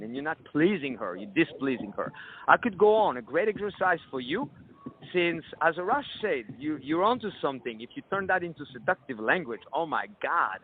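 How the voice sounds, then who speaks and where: A man's voice: fairly high pitch, lively intonation, fairly quick, husky. Blunt crude man coaching on tinny audio. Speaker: dating coach. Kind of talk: live seminar talk.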